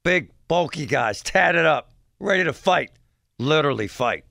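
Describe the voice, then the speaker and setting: A man hosting a talk show, telling a story in an animated, mocking way and mimicking yelling parents. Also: fairly high pitch, measured pace, vocal fry, no room sound, studio quality. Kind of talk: storytelling monologue.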